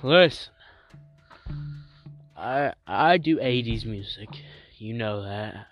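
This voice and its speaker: A man voicing a pushy, teasing man obsessed with a past decade, in a comedy skit. He talks in a smug, drawn-out way. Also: fairly low pitch, expressive. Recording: music playing loudly behind.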